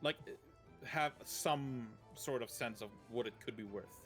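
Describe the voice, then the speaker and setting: A man with a medium-pitched voice narrates as a game master in an unhurried way. He sounds casual and hesitant, using many fillers, with faint music in the background.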